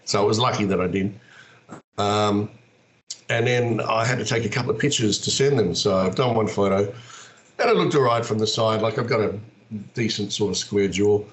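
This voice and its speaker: A middle-aged Australian man, a wrestler and actor, telling stories in a casual, animated way. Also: on the low side, normal speed, a little hiss or hum. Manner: animated, acts out quoted voices. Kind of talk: casual storytelling.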